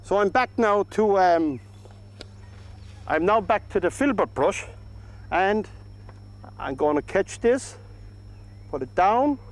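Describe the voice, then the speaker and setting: Gentle Irish man coaxing his paint. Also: sits high, lively intonation, takes it slowly, pauses often, rough recording. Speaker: painting instructor. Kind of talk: painting demonstration. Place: outdoors by a lake.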